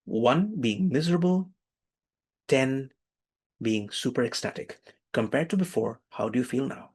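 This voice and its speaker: A man's voice: mid-range voice, unhurried, long pauses, breathy edge. A man teaching an online workshop on emotional healing, leading a guided breathing exercise and repeating his instructions. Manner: animated, calls for attention, repeats phrases.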